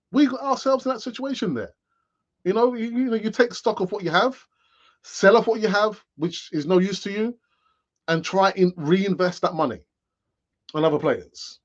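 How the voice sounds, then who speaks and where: A man's voice: high-pitched, highs cut off. Rambling man in his late fifties. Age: late 50s. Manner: rambling, with sighs and asides. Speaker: football fan channel host. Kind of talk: casual live-stream commentary.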